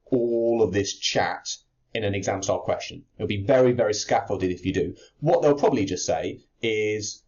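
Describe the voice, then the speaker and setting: At a moderate pace, a man with a lowish, slightly mellow voice works through a chemistry answer for exam prep. He explains each step while writing it out, using fillers and restarting now and then; the audio is slightly dull and lo-fi.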